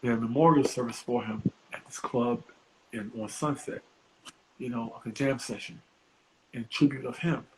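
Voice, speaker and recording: Animated, profane male storyteller. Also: mid-range voice, normal speed, background noise. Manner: animated, profane, acts out voices. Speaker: guest comedian. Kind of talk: casual podcast storytelling.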